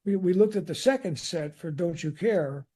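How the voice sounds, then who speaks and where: An older man with a Chicago accent tells stories as a guest in an interview. His voice sits a little high but sounds husky and mellow. He restarts phrases often as he talks. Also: normal speed. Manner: animated anecdotes with restarts. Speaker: guest musician. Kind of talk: casual interview storytelling.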